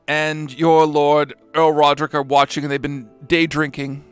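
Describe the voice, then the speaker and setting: Male GM, narrates with dry asides and the odd curse; a touch high-pitched, soft music bed. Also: monotone, measured pace, hardly any pauses, clean tone. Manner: swearing, wry asides, voicing characters in quotes. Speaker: game master. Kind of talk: narrating a tabletop game.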